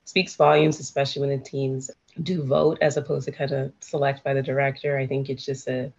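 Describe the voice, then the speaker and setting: A woman's voice: very deep voice, flat delivery, brisk, gravelly, a little mellow, husky, highs cut off. A woman hosting a casual interview, asking questions, laughing often and affirming her guest. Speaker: podcast host, interviewer.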